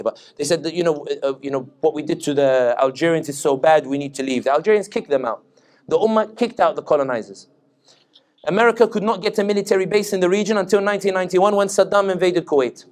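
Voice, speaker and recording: His pitch is fairly high and his tone darkish: a Tunisian political analyst with a British accent, serving as guest speaker at an Islamic center. The public talk he gives is joking and anecdotal.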